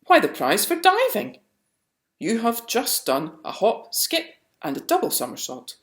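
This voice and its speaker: A woman's voice: fairly high pitch, wildly swooping pitch, a little slow, a bit bright, pitched above the performer's own voice, heavily acted. A hearty, formal man handing out prizes at the seaside in a storybook, as a woman reads him. His voice swings up and down cheerfully. The sound is roomy. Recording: roomy echo.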